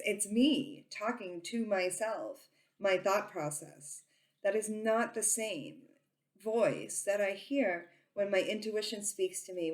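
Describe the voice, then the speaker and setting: A woman who reads tarot, talking casually to her viewers and saying she talks very loudly, with lots of ums and restarts. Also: on the low side. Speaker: tarot reader and psychic. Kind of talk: casual informational talk to camera.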